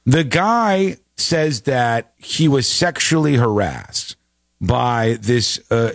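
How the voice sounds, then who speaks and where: A man's voice: medium pitch, no room sound, studio quality. A man hosting a casual commentary show, talking in an incredulous, joking way. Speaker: show host.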